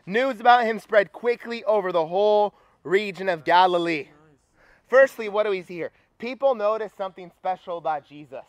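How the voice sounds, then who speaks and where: A young adult man preaching a sermon at a campus retreat, energetic and rallying the crowd. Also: high voice, normal speed, no echo.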